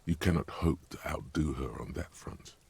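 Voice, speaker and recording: A man's voice: extremely low pitch, normal speed, vocal fry, darkish tone, breathy edge, heavily acted. An actor voicing a grave, ominous male inner voice that guides a detective through a video game. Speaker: game narrator.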